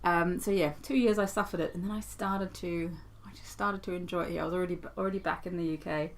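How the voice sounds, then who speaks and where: A woman from the UK, a paramotor pilot, talking as a podcast guest in a thoughtful, halting way. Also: on the low side, steady tone. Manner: thoughtful, halting, restarts phrases. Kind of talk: casual interview chat.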